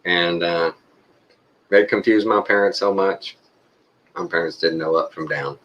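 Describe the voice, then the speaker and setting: A man's voice: low voice, steady tone, measured pace, a bit bright, muffled recording. A middle-aged Texan man talking to his viewers in a folksy, rambling way, chuckling often. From Texas. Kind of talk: casual monologue to viewers.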